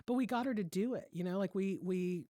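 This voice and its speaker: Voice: mid-range voice, brisk, dark tone, dry recording, studio quality. A podcast co-host telling an earnest campaign story with fillers such as "you know". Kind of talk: casual podcast chat.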